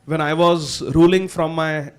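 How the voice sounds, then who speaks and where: Rather high for a man, a man performing a devout king speaks in a formal, stately manner, humble yet royal. It is a live festival stage monologue given straight to the audience. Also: fairly even intonation, a little slow, clear, resonant tone, close to an everyday voice. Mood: regal storytelling. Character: devout old king of Odisha, regal and humble. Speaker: actor in a festival drama.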